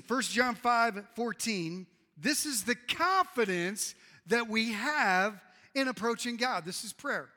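A middle-aged male pastor preaching a sermon in a church, swinging from loud emphasis to hushed tones. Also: high voice. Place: church sanctuary. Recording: reverberant hall.

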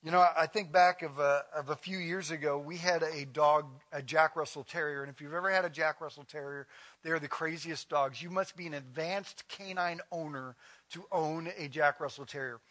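A middle-aged man, a pastor, telling a lively story in a casual sermon, with laughs and asides. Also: on the high side, normal speed.

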